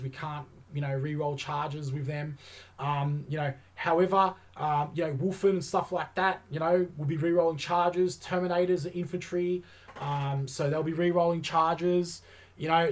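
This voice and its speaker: A man breaks down tabletop game rules in an easygoing, excited way, often pausing on "um" and "you know" as he works things out. His voice sits a little higher than most men's. It sounds like a relaxed hobby channel host chatting to viewers. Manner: enthusiastic, chatty, thinks aloud with many fillers.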